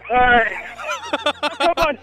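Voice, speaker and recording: A man playing a menacing horror-park killer who taunts the visitors with high, shrill cackling calls. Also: slow, loud music behind the voice, poor audio. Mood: menacing glee.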